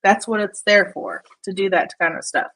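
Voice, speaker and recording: A woman's voice: medium pitch, moderate pace, a bit bright, poor audio. A woman hosting casual commentary over a shared screen, mocking, swearing and laughing often. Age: adult with a young daughter. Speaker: commentary channel host.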